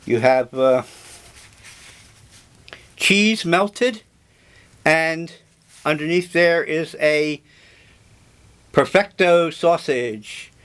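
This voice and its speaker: An older man muses aloud over his breakfast, drifting from one thought to the next. He takes his time, drawling his words, and his voice sits somewhat high for a man. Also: expressive, a bit bright, smooth. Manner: slow, musing, eccentric. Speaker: vlogger. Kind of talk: rambling breakfast monologue.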